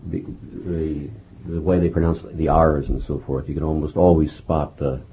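A man's voice: a bass voice, flat delivery, normal speed, phone-quality sound. A man interviewing an author, talking with many fillers and restarts. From United States. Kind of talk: radio interview.

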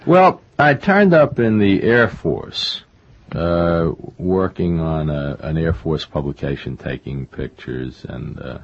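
A very deep, creaky male voice speaks slowly yet animatedly; he's an older novelist being interviewed. His talk rambles and is self-deprecating, packed with fillers and restarts. The conversational exchange is captured on a dull lo-fi radio recording.

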